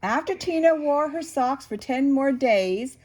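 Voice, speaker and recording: An older woman reading a picture book aloud to a child, expressive and slow, with chatty asides. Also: high-pitched. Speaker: storyteller grandmother.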